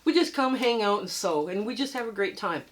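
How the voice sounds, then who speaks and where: A woman's voice: medium pitch, expressive, fairly quick. An older woman from Canada hosting a quilting channel, chatting casually and upbeat with frequent laughs, a bit under the weather and coughing. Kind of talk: casual tutorial chat to camera.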